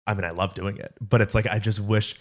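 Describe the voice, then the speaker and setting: This young podcast co-host has a fairly low voice with fairly even intonation and a quick pace. In the casual conversation, he rambles and pads his storytelling with fillers.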